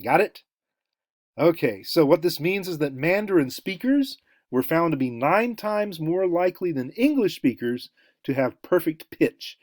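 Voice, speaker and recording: Halting man lecturing, full of fillers. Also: medium pitch, darkish tone, dry recording, studio quality. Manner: halting, many fillers and restarts, demonstrating sounds aloud. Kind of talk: recorded lecture.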